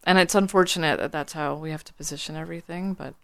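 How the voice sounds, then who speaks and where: Earnest, smooth-voiced woman guest. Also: low-pitched, fairly even intonation, fast talker, no echo. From San Francisco Bay Area. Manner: earnest, urging. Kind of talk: interview answer.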